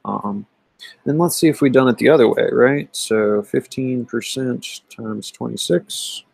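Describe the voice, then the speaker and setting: A man teaching math, walking through exam solutions in a conversational way, often pausing with "um" and checking in with "right?". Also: mid-range voice, creaky, darkish tone, husky, poor audio. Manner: conversational, thinks aloud with many "um" and "right?". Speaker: math instructor. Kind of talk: recorded lecture going over an exam.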